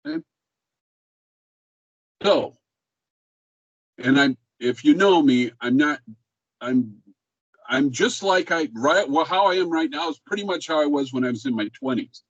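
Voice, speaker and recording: A man's voice: a little high, animated, a little slow, long pauses, no room sound, dull audio. Laid-back older man lecturing a class. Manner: conversational, laid back, asks the class questions. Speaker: music professor.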